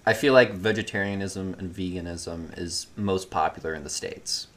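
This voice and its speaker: A young man co-hosts a relaxed podcast chat. He sounds upbeat and jokey and sometimes reads facts aloud. His voice sits a little lower than most men's. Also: normal speed. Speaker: podcast co-host. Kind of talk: casual chat.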